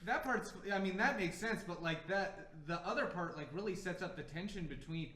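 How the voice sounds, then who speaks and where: Slightly high guy, hesitant, lots of "like", echoey room. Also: normal speed, pushed and bright. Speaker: podcast co-host. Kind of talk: casual chat. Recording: roomy echo.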